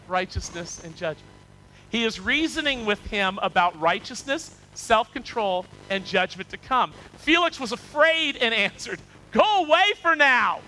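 High bright-voiced pastor preaching, does little voices for people's excuses, faint hiss behind. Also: male voice, poor audio. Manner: preaching, acting out listeners' excuses in quoted voices. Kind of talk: sermon.

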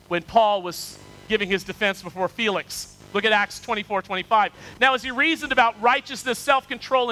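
Bright high-pitched preaching man. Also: slight background noise, low-quality recording. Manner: preaching, acting out listeners' excuses in quoted voices. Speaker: pastor. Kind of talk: sermon.

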